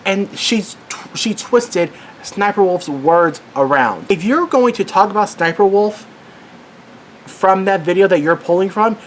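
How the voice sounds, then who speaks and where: A man's voice: sits high, unhurried, a little hiss or hum. A worked-up man giving an angry commentary rant as a vlogger, swearing and exasperated.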